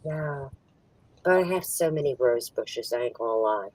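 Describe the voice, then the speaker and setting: Woman on a video call, low lively voice, dry distant mic, laughs often. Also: normal speed, dry recording. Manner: chatty storyteller, laughs often, acts out others. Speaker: host. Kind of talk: casual chat on a video call.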